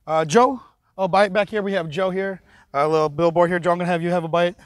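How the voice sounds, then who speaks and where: Upbeat high-voiced snack-review host. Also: male voice, steady tone, fast, dry recording, clean studio sound. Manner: upbeat, chatty, talks with his mouth full. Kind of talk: casual snack review chat. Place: arena.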